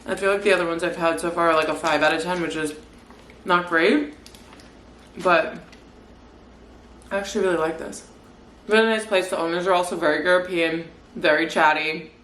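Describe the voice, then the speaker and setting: A woman's voice: fairly low pitch, fairly even intonation, normal speed, long pauses, a bit bright. A woman in her twenties chatting casually in a home vlog, upbeat and full of "like" fillers. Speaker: lifestyle vlogger. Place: apartment at home. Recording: echoey room, faint background noise.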